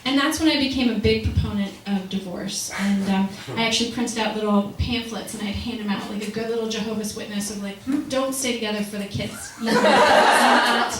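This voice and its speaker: A woman's voice: mid-range voice, steady tone, brisk, hardly any pauses, a loud crowd. A young woman doing a chatty, self-deprecating stand-up set in a small comedy club, with the audience laughing. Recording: echoey club from far off, audience noise.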